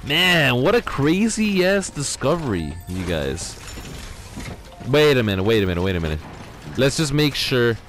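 Young male let's-play host, unhurried delivery with big swings in pitch, excitable and chatty with viewers. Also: faint music behind. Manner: excitable, exclaiming and talking to viewers. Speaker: gaming channel host. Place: home garage.

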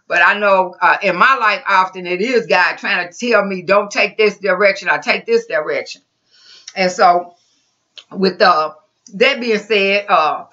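A woman's voice: medium pitch, bright, forceful tone, muffled recording. A woman preacher giving an informal, rambling sermon into a computer mic, with frequent restarts and asides.

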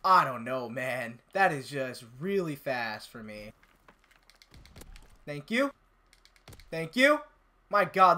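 Young male gamer, bright lively voice, jumpy and profane play-by-play commentary. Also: sits high. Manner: excitable, swears freely, bursts into yells. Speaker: gamer and channel host. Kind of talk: live gameplay commentary.

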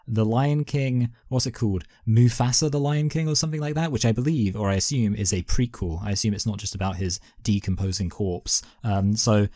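A British man with a lowish, dark, mellow voice, trading dry deadpan jokes on a film podcast. The sound is close and dry, with no room around it. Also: brisk, few pauses, no echo. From Britain. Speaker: podcast host. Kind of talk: casual film podcast banter.

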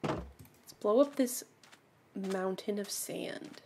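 A woman giving casual commentary while playing a video game, excitable and gasping, often dropping to quiet murmurs. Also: mid-range voice, drawn-out words, background noise. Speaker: gaming streamer.

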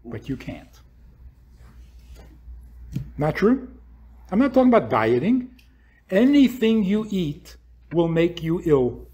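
Animated, slow-paced rabbi giving a lecture. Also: male voice, high-pitched, lo-fi sound, slight background noise. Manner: provocative rhetorical questions; acts out imagined speakers. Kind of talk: lecture to an audience.

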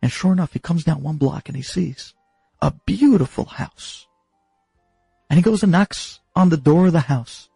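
A man telling a moral story with dramatic, expressive pauses. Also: fairly high pitch, creaky, slightly rough, no room sound, faint music behind, poor audio. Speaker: rabbi storyteller. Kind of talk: animated storytelling.

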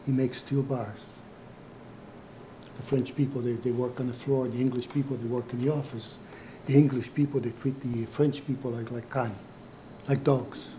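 A man playing an older Italian immigrant mob grandfather in a comedy sketch, speaking halting, broken English with an Italian accent and slipping into Italian. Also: medium pitch, mellow, a little hiss or hum, natural voice.

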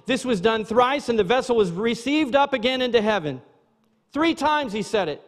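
High-voiced pastor preaching in a reverberant church. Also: male voice, animated, moderate pace. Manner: conversational preaching, asides to the congregation. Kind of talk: sermon. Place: church sanctuary.

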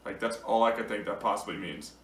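A man's voice: on the low side, quick pace. A young man giving casual gaming commentary, amused and incredulous, laughing often as he reacts. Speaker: gaming YouTuber. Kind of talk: casual commentary reading out messages. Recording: roomy sound from a distant mic.

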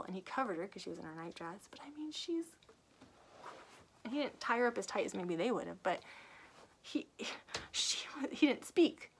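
Animated woman reviewing a book. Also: mid-range voice. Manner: lively retelling with acted character quotes; laughs often while talking. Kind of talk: casual book review vlog.

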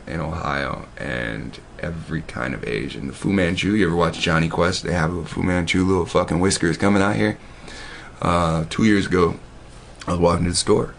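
A man with a low, deep voice and a gravelly, fry-heavy texture tells a rambling story in plain, profane everyday speech. He stops and restarts often, piling on asides, and a faint hum sits behind him. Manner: profane, loose and conversational with many restarts.

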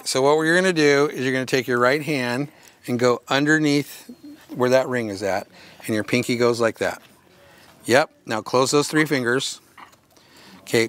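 A man's voice: mid-range voice, a bit bright. A man instructing dog show handlers at a workshop, giving plain direct commands with playful asides. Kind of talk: hands-on coaching at a workshop.

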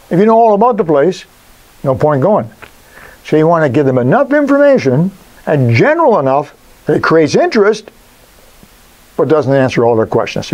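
An older man giving casual business advice on phone manners, emphatic and folksy, with lively jumps in pitch. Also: poor audio. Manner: animated, emphatic, folksy asides. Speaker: business coach.

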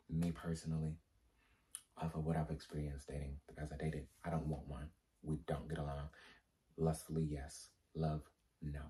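A very deep, mellow-toned man speaks as a pastor sharing a personal testimony. He keeps it casual and slangy, then lifts into emphatic, preacher-like leaps in pitch. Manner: candid, conversational with slang.

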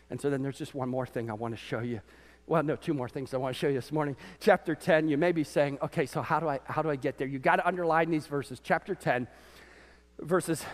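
Pastor guy preaching, pretty high voice, big church reverb, gets loud then drops way down. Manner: animated preaching, voice rising and dropping sharply. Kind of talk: sermon. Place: church sanctuary. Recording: church sanctuary with long reverb.

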